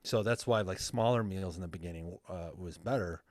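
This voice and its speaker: A man's voice: low-pitched, brisk, no room sound, studio quality. A man speaking as a guest coach in a casual podcast interview, earnest and open in a plain-spoken way.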